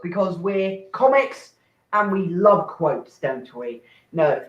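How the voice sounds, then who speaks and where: A young man hosting and doing a rambling, sweary stand-up set from his flat, breaking into sudden shouts. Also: sits high, slow pace. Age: young adult. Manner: rambling, swearing, self-interrupting, shouting bursts. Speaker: host and stand-up comic. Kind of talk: stand-up set on an online open mic. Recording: echoey, dull lo-fi home mic.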